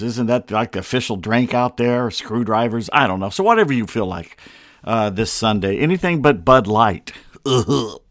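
A man's voice: mid-range voice, fairly bright tone, no room sound, studio quality. A middle-aged man hosting a casual sports podcast from a home setup, talking in a rambling, wry way with self-deprecating asides. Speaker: podcast host.

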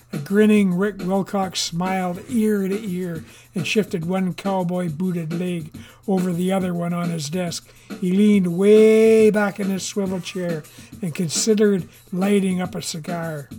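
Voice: mid-range voice, steady tone, measured pace, mellow, soft background music. A narrator reading a satirical political story in a wry, dry storytelling manner. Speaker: audiobook narrator. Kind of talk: scripted narration.

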